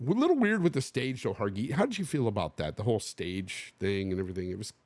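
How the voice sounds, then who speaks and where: A man's voice: on the low side, fast, no room sound. A man from the Bay Area hosting a podcast, telling a casual story and acting out what other people said. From Bay Area, USA. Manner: animated, acts out quotes of others. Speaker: podcast host.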